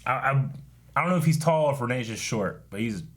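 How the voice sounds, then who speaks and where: A man hosting a casual reaction chat, animated and laughing often as he acts out quotes. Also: mid-range voice, fast. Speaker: show host.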